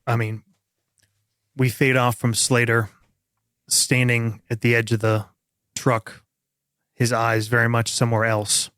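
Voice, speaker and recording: A man's voice: mid-range voice, flat delivery, unhurried, pauses often, fairly bright tone, no room sound, studio quality. A man narrating as game master of a tabletop role-playing game, setting scenes in an easygoing way.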